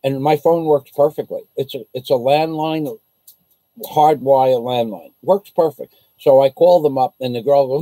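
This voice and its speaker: A man's voice: medium pitch, normal speed, dark tone, no echo, rough recording. An American man vlogging from the Philippines, telling an indignant, rambling story on a casual livestream. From United States.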